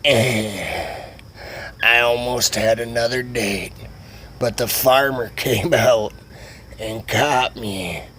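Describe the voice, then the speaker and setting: A man voicing a creepy lowlife neighbor who mumbles slowly and breathily, with a faint hiss behind him. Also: fairly even intonation, full character voice. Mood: whiny. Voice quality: slow, low, breathy mumble.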